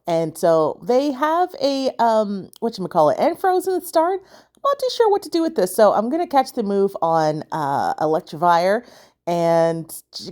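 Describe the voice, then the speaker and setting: Yawning and drowsy, this gaming channel host commentates on her battles casually, her medium, slightly mellow voice chatting along, frequently uncertain and filling pauses as she reasons aloud.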